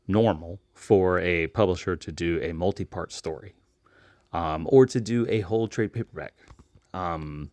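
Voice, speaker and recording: A man hosting a casual solo recommendation segment, talking in a relaxed way with frequent ums and restarts. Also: low voice, no echo, studio quality. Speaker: host, comic book retailer.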